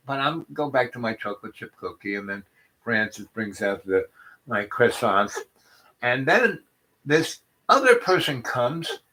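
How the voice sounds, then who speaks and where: Rambling man telling a comic story. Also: mid-range voice. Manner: meandering, lots of restarts and asides, absurd deadpan jokes. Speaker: comedic YouTube host.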